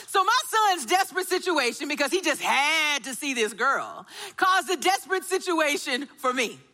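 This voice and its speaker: A woman, preaching a sermon as an animated storyteller who acts out the dialogue. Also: sits high, normal speed.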